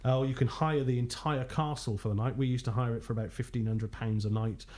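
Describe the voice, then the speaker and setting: Guy, ghost hunter, telling animated ghost stories on a podcast, laughs a lot. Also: mid-range voice, fast talker. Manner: animated anecdotes, laughs often, acts out quotes. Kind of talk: casual storytelling on a podcast.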